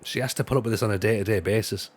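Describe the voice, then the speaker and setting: A man's voice: fairly low pitch, very fast, breathy edge. A man chatting casually on a live stream while gaming, rambling and joking with lots of restarts. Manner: rambling, jokey, full of restarts and laughs. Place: home room.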